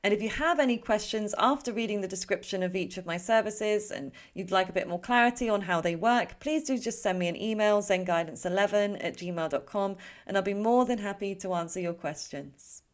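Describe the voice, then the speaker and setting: A woman reads tarot cards for her viewers in a relaxed, rambling way. She fills her talk with fillers, breaks off mid-thought and corrects herself as she goes. Her voice sits at an ordinary middle pitch. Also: fairly quick, hardly any pauses. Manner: chatty, rambling, with frequent fillers and self-corrections. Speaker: tarot reader. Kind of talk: casual pick-a-card tarot reading.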